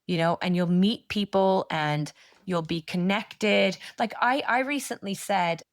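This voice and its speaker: A woman, a manifestation coach speaking as a podcast guest, telling stories in a lively, blunt and encouraging way with lots of "like". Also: mid-range voice, no room sound, studio quality. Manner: animated storyteller, quick asides with frequent "like". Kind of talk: casual podcast interview chat.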